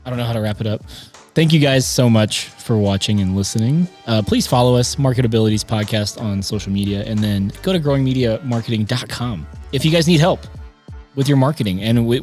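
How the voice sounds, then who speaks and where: A man's voice: mid-range voice, a little fast, a little mellow. Male podcast co-host, agreeable and brief, faint music behind. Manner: agreeable, short affirmations, plain sign-off. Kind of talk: casual podcast chat.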